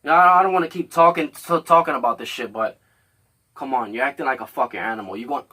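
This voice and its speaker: A man hosting a podcast, telling a story in casual chat, animated and profane, acting out both sides of a quarrel. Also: medium pitch, fast. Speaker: podcast host.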